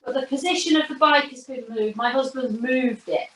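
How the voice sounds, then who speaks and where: A woman's voice: high-pitched, normal speed, fairly bright tone. A woman taking part in an online cycling class, chatting casually with some hesitant fillers over a video call. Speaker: class participant. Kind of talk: casual chat. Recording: roomy, distant video call audio.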